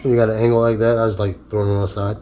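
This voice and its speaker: A man's voice: on the low side, level tone, rapid-fire, warm tone, a little hiss or hum. A man giving a casual cooking demonstration in his home kitchen, chatty and easygoing, and talking to his dog between steps. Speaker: cooking vlogger.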